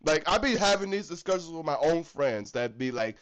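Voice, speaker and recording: A man from the United States rants heatedly about hockey with constant swearing. His voice sits high for a man and swings widely up and down as he hammers his points home again and again. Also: lively intonation, a little fast, a bit bright, poor audio. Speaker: hockey fan vlogger. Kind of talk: profane ranting commentary.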